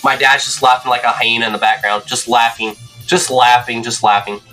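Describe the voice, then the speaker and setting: A young man streaming a game, telling rambling, excitable stories in casual chat and checking in with "right?". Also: mid-range voice, a little fast, soft background music. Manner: excitable, swears.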